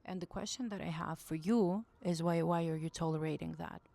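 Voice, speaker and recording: In a casual, earnest monologue, a woman offers intuitive spiritual advice as a message reader. Her voice is on the low side, creaky and mellow, and she talks fairly quickly. She frequently searches for words and rephrases herself.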